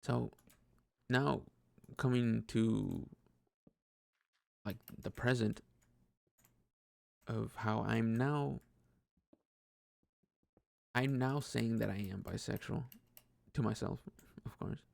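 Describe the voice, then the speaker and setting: Gravelly young man, rambling monologue. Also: lowish voice, takes it slowly, pauses often, a little mellow, no room sound. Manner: rambling, self-deprecating, laughs often, many restarts. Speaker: podcast host. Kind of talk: casual personal monologue.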